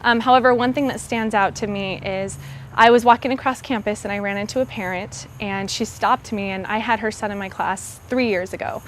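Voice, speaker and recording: A woman's voice: medium pitch, fairly even intonation, brisk, fairly bright tone, slight background noise. A woman who is a preschool teacher and parent, answering interview questions earnestly with a few hesitant fillers. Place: school campus. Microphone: clip-on microphone.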